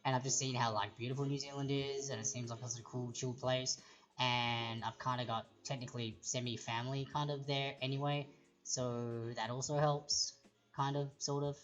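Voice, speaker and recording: A woman's voice: very deep voice, flat delivery, normal speed. A woman hosting a live trivia stream, reading out multiple-choice questions twice and wandering into chatty, rambling asides. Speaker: trivia quiz host. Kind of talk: casual livestream chat reading quiz questions. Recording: lo-fi stream audio with background music.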